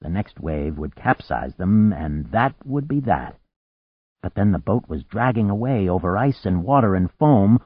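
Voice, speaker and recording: A man with a fairly low voice reads an audiobook in scripted narration, swinging widely in pitch as the story turns dramatic. The recording is dry and close, with a slightly muffled, dull tone. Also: sing-song, a little slow, slightly rough, no room sound. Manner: dramatic, rising in pitch and volume at action.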